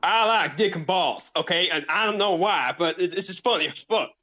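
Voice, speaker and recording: A man's voice: high voice, normal speed, sharp tone. A British man putting on a goofy American accent as a joke during a gaming chat. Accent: put-on American. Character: young man faking a Texan American drawl.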